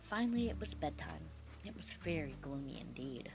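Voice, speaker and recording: Expressive woman reading a storybook aloud. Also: very deep voice, normal speed, gravelly. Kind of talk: storybook narration. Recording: music playing underneath.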